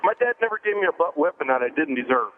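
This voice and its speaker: A man in his fifties calling in to a radio show, talking in a halting, folksy way. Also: a little high, expressive. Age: 50s. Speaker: radio caller. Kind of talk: call-in conversation. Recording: tinny phone line.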